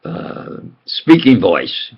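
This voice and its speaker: An older man with a New York accent, speaking in a slow, halting, rambling monologue full of fillers and restarts. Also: lowish voice, huge pitch swings, breathy edge, dull audio. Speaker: channel host.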